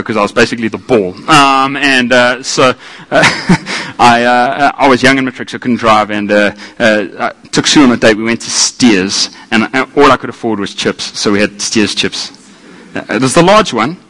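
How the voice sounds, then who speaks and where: A man preaching a sermon, animated and self-deprecating, swinging from quiet asides to loud exclamations. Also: mid-range voice, normal speed, poor audio. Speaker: pastor.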